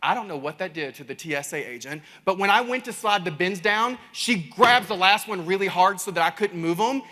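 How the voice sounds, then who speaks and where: A man with a Kentucky Southern accent giving an animated keynote talk, telling stories to a crowd and calling them y'all. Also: high voice, fairly quick. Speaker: keynote speaker. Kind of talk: energetic keynote storytelling. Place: large conference stage. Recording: reverberant conference hall.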